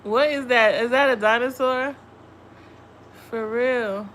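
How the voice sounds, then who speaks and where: Brief: woman tarot streamer, bright tone, high voice, blunt and cursing, faint room hiss. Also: slow. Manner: blunt, profane, scolding. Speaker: tarot reader. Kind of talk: live tarot reading stream.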